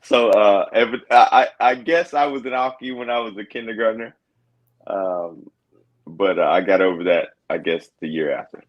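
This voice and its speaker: A middle-aged man co-hosting a podcast, telling stories in an easygoing way with chuckles and trailing pauses. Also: fairly low pitch. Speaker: podcast co-host. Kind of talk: casual podcast chat.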